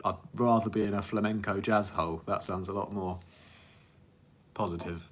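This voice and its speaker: A man's voice: low-pitched, steady tone, moderate pace. A man, a music producer, answering viewer questions in a casual, rambling livestream chat and laughing often at himself. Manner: rambling, chatty, laughs often, self-deprecating.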